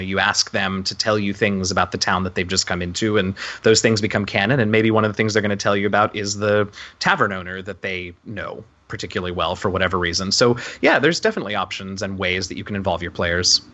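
A man talks animatedly about running tabletop games, joking at his own expense. His voice is bright and forward. The recording sounds dull and lo-fi. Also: on the low side, fairly even intonation, brisk, hardly any pauses. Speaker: game master. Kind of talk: podcast discussion.

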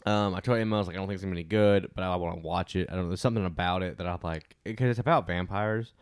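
A man's voice: sits low, rapid-fire, clear, resonant tone, no echo, clean studio sound. A young man rambling casually through a movie review, full of fillers and restarts.

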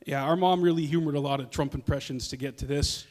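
A man's voice: fairly high pitch, fast, noisy background. A man in his thirties doing a stand-up comedy set, chatty and self-deprecating with some hesitations. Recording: long hall reverb.

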